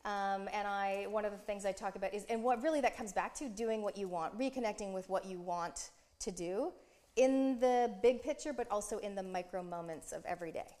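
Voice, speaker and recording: A middle-aged woman from Canada chats as a guest on a talk show. She talks fast and with lively enthusiasm, often poking fun at herself while handing out tips. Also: mid-range voice. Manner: animated, fast, self-deprecating and enthusiastic. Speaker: guest, speaker coach. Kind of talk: casual talk show chat.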